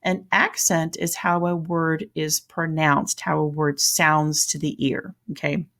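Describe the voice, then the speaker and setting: A woman with a Southern US accent gives a recorded lesson in a low, gravelly voice. She explains things in a chatty way and often stops mid-sentence to correct herself. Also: little pitch movement, slow, fairly bright tone. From American South. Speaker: teacher.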